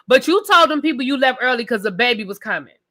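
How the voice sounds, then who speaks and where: A woman hosting a live TV review show, talking loudly and emphatically straight to her viewers in a casual rant. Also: sits high, expressive, fast. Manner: loud, emphatic, talks straight to the audience.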